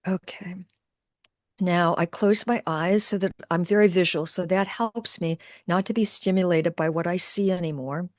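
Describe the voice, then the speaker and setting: Middle-aged spiritual teacher, low-pitched, dry close sound, shifts from animated explaining to hushed guidance. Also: female voice, no echo. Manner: animated explaining, then softening to hushed, slow meditative talk. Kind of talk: guided demonstration with narration.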